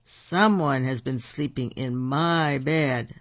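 A storyteller voicing a big, gruff papa bear who speaks slowly and heavily. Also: medium pitch, fairly bright tone, dry recording. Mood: grumbling. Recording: dull lo-fi recording.

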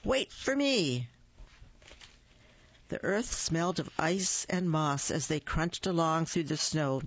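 A reader narrating a children's holiday story in a slow, deliberate way. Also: mid-range voice, dull audio. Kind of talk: children's story read-aloud.

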